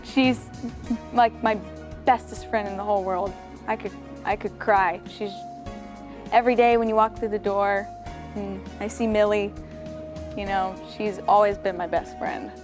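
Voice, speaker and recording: A woman's voice: mid-range voice, steady tone, unhurried, pauses often, over music. Emotional teen girl gushing. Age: teens. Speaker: high school student. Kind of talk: heartfelt profile interview.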